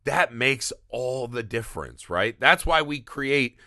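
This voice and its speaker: A man talking on a podcast with a bright, forceful voice, animated and swearing freely while he acts out scenes. The sound is dry and close to the mic, with no room around it. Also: medium pitch, measured pace, dry recording. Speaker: podcast co-host. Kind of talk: casual podcast chat.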